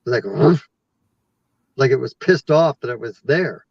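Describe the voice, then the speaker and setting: A man from western Canada tells a lively story as a guest, acting out his own reactions along the way. His voice sounds distant from the mic and a bit muffled. The recording is dry. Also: medium pitch, quick pace, gravelly, husky, no echo. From British Columbia, Canada. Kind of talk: casual storytelling.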